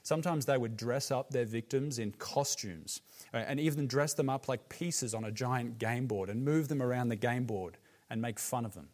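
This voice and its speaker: A man with an Australian accent preaching a sermon as pastor, earnest and emphatic, dropping his voice low on grave words. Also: normal speed, darkish tone.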